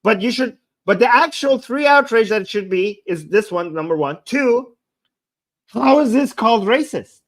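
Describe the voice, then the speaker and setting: A man's voice: sits high, animated, normal speed. A man giving a heated, sarcastic political rant to his viewers, repeating points and raising his voice. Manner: agitated, sarcastic, repeats himself. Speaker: political commentator. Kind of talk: ranting reaction commentary.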